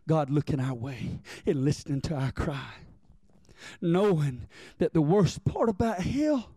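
Male pastor, high voice, dry close sound, preaches to shouting peaks and calls for amens. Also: dry recording. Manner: calls for congregation responses. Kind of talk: sermon. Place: church.

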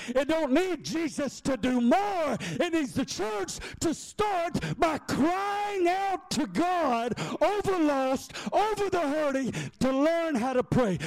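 A man preaching with a very high voice, folksy and repetitive, calling out to the congregation to respond. The sound is dry and close, with no room echo. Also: a little mellow. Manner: folksy, repeats and calls on the congregation. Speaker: pastor. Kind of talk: sermon.

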